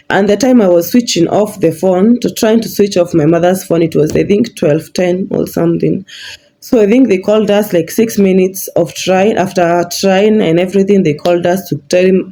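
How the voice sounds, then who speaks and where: Woman, mellow voice. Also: fairly low pitch. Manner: halting, repeats and restarts words, candid. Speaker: vlogger. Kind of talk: emotional personal storytelling.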